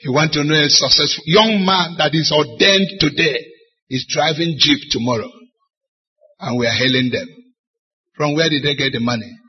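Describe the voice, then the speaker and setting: Bishop in the pulpit, husky voice, dramatic testimony, muffled lo-fi recording. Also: male voice, on the high side, moderate pace. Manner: dramatic storytelling, acts out dialogue. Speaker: bishop preaching. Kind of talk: sermon with personal testimony. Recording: dull lo-fi sermon recording.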